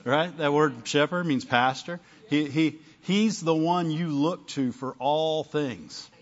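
Guy preaching, kinda high voice, keeps asking amen and right, muffled lo-fi church tape. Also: takes it slowly. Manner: conversational preaching, frequent "amen?" and "right?" to the congregation. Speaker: pastor. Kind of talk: sermon.

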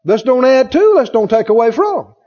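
A man's voice: very high voice, very animated, moderate pace, mellow. A man preaching a sermon emphatically, repeating phrases and asking the congregation questions. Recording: dull lo-fi recording in a reverberant hall.

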